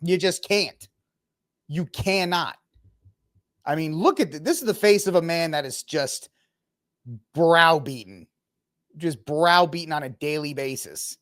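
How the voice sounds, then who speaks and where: With a fairly high pitch, a slightly slow pace, and long pauses, this thirtysomething Texan hosts an opinionated reaction commentary. His delivery is animated and full of mocking asides and impressions.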